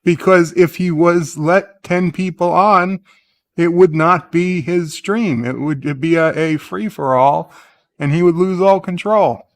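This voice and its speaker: A man hosting a casual morning live-stream, rambling through his thoughts and stopping to read viewer comments aloud. His voice sits a little high for a man. The sound is dry and close. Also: a little slow, no room sound. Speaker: host.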